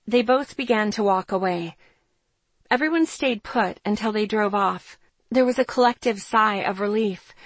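A woman narrates a first-person novel in a steady, plain manner, at a middle pitch for a woman. The sound is dry and close to the mic, with no room around it. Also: moderate pace, no echo. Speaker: audiobook narrator.

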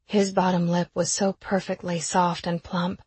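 A woman reading a first-person romance novel aloud in an intimate, breathy way. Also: lowish voice, level tone, moderate pace, darkish tone, dry recording. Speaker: audiobook narrator.

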